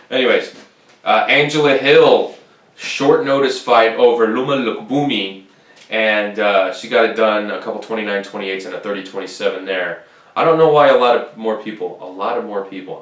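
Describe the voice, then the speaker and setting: A man's voice: on the low side, fairly bright tone. A man hosting a casual solo podcast recap, talking in a loose, rambling, profane way. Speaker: podcast host. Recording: roomy sound, distant from the mic.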